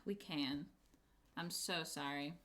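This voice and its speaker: A woman's voice: sits low, slow. A young woman co-hosting a stream, telling a rambling story in a casual chat. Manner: rambling, animated storytelling with lots of "like". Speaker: co-host of a streaming show.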